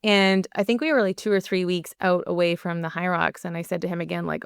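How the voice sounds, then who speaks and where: Young adult woman podcast host, chatty and candid, smooth crisp tone, dry close sound. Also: fairly low pitch, steady tone, quick pace, few pauses, no room sound. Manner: chatty, candid storytelling with many "like" fillers. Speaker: podcast host and performance coach. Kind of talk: solo podcast monologue.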